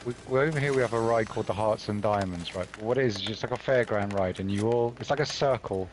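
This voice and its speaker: A man's voice: fairly low pitch, fast, noisy background. A man telling a crude, swear-laden story to gaming friends, laughing often. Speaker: stream guest friend. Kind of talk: casual gaming chat storytelling.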